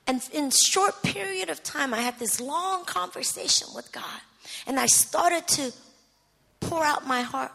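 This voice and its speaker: A middle-aged woman preacher giving an emotional sermon testimony, swinging from hushed to shouting. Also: extremely high pitch, a little slow, creaky, big-room sound.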